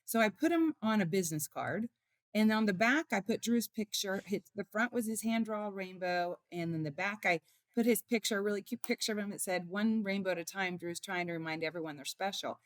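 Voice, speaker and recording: A middle-aged woman speaking as an interview guest, telling warm family stories with lively emotion. Her voice sits at an ordinary pitch and is recorded dry and close, with no room sound. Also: a little fast, no room sound. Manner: emotional, animated storytelling. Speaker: guest, author and mother. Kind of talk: conversational interview storytelling.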